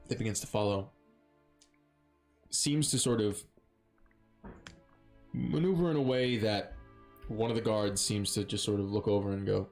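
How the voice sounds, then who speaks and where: A man's voice: lowish voice, darkish tone. A man narrating as dungeon master of a live-streamed tabletop game, playful and rambling, often breaking into laughter.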